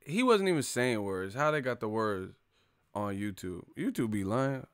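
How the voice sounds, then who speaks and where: Profane, animated man ranting. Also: lowish voice, moderate pace, clear, resonant tone, no room sound, studio quality. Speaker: video host. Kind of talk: casual comedic rant.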